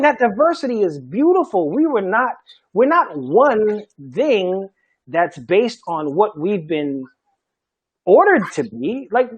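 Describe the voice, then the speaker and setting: A middle-aged man from Charleston, a Gullah language teacher, speaking emphatically in an animated panel talk and laughing often. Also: high voice, low-quality recording. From Charleston, South Carolina.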